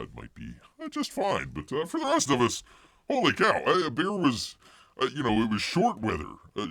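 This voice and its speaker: A man's voice: fairly low pitch, vocal fry, a bit bright, no echo. A middle-aged man hosting a casual live stream, rambling and joking, calling himself Bear in the third person. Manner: rambling, jokey, many fillers and restarts.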